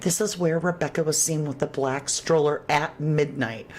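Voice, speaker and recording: A woman's voice: deep voice, fairly even intonation, moderate pace, a little mellow, a little hiss or hum. A woman hosting a true crime livestream, reading chat aloud and reacting with sudden exclamations. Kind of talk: casual livestream commentary.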